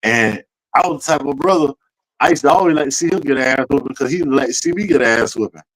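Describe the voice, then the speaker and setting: A man co-hosting a podcast, telling a childhood story in a lively, slangy, profane way. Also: mid-range voice, fast talker, low-quality recording. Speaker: podcast co-host. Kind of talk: casual storytelling chat.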